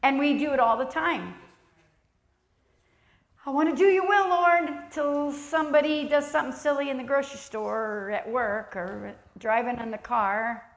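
A woman with a fairly high voice preaches with emphasis, her words ringing through an echoey church. She stresses lines hard and slips into little acted-out voices when she quotes people. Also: fairly even intonation, normal speed, hardly any pauses. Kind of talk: sermon.

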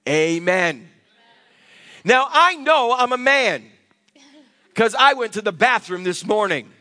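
High-voiced preaching man, forceful. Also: expressive, slow, dry recording. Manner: emphatic preaching with call-and-response. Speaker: pastor. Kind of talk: sermon. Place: church sanctuary.

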